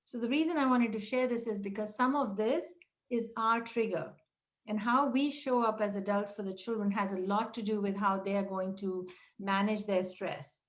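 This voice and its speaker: A middle-aged woman presenting a training webinar for childcare leaders, speaking directly to listeners and acting out short quoted exchanges. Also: moderate pace. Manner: breaks into quoted dialogue with raised pitch. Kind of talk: webinar teaching talk.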